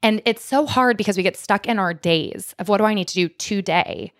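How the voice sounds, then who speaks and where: A woman's voice: medium pitch, brisk, no echo, clean studio sound. A woman in her thirties hosting a podcast, talking in an earnest, heartfelt, chatty way. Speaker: podcast host. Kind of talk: casual conversational interview.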